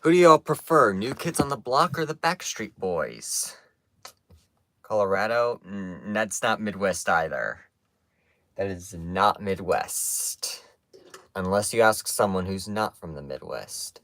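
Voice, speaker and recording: A man from Kansas talks slowly and loosely to his stream chat, teasing them and wandering between topics with plenty of ums. His voice is bright and forward. The sound is dry and close, with no room echo. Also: sits low, animated. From Kansas, United States. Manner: playful, teasing, rambling with many fillers. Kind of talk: casual chat answering a live chat. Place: indoor room with stuffed animals.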